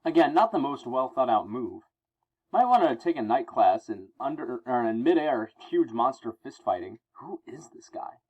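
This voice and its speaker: A man's voice: mid-range voice, sing-song, normal speed, a little mellow, breathy edge. Wisecracking teen superhero, read by a man, self-mocking, muffled audio. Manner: jokey, frantic, self-mocking. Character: young male masked superhero, wisecracking teen.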